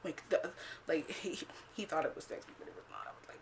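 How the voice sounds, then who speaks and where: A woman vlogger telling a casual storytime, swearing freely, filling every pause with "like" and acting out what she said back then. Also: low-pitched, gravelly, slight background noise. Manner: animated, swears freely, acts out her own past lines; heavy use of "like" as filler.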